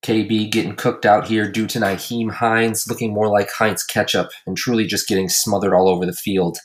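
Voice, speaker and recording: A man hosting a casual comedy podcast, recapping his fantasy league with crude jokes and deadpan roasts. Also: lowish voice, moderate pace. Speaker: podcast host and league commissioner.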